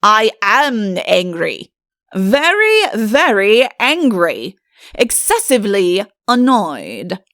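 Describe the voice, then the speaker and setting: A woman's voice: mid-range voice, very animated, slow pace, fairly bright tone, no room sound, studio quality, full character voice. A woman voicing a young prince in an audiobook, who tries to sound stern and blustering but stammers when flustered. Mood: angry. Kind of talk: audiobook character voice.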